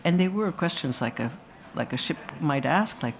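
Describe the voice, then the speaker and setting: In front of a festival crowd after the screening, the director talks about her film in a low, expressive voice at a normal speed. She rambles and tells anecdotes, restarting and going off on asides, with a slight hiss or hum present.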